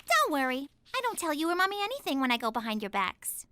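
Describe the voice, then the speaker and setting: A woman voicing a spoiled, bratty teenage daughter in an animated cartoon, whiny and manipulative. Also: sits high, fast talker, dry recording, heavily acted. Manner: whiny, petulant, sing-song demands. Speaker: teen daughter Teresa.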